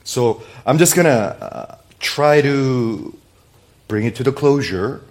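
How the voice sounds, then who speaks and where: A man preaching a sermon as pastor, swinging between soft, quiet asides and loud, emphatic bursts, repeating key words for emphasis. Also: mid-range voice, expressive, takes it slowly.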